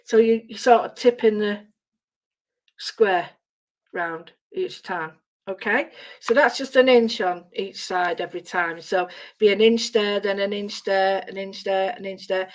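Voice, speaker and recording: Chatty woman, voice going hoarse. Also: medium pitch, moderate pace. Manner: chatty, self-mocking, talks to herself while working. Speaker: craft demonstrator. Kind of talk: live-streamed craft tutorial.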